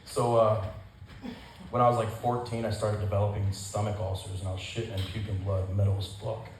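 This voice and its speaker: A man's voice: lowish voice, little pitch movement, a little fast, a little hiss or hum. A young man doing a stand-up set at a live benefit show, telling a crude, profane story. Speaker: stand-up comedian. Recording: echoey room, distant mic, audible ambience.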